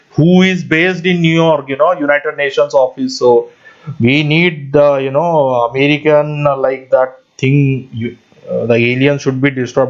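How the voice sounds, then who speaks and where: A man hosting his own channel, rambling in a casual monologue with frequent little laughs and constant asides to his viewers, speaking English as a non-native speaker. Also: fairly high pitch. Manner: rambling, often laughs mid-sentence, keeps addressing viewers as guys. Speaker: channel host. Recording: dull lo-fi audio.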